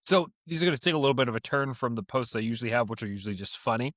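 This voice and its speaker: A man co-hosting a podcast who talks fast, with a lively, rising and falling pitch. He teases his co-host with dry humor, and the recording is dry and close. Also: no room sound. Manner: quick, teasing, dry humor. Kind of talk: casual chat.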